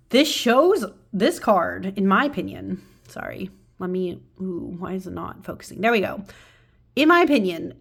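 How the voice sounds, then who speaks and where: A woman in a casual home video, talking through her tarot cards with rambling enthusiasm. Her pitch sits in an ordinary middle range, and her sentences keep restarting and filling with little verbal pauses. She sounds relaxed and informal, like she is chatting with viewers. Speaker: tarot channel host.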